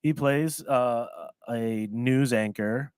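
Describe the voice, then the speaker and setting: A man's voice: medium pitch, takes it slowly, a little mellow, clear, resonant tone, no room sound. Young guy hosting a chat show, rambly, repeats himself, dead dry mic. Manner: rambling, repeats words, laughs often. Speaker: podcast host. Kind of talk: casual chat.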